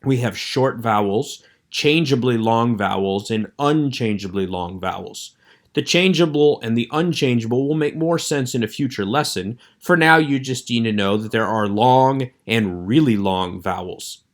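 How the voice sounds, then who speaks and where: A man teaching a recorded online lecture with a measured, explanatory delivery. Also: mid-range voice.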